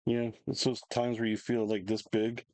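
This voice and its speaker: A man, co-hosting a casual chat, telling an animated, rambling story with restarts and laughs. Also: mid-range voice, normal speed, dry recording, low-quality recording. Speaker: podcast co-host.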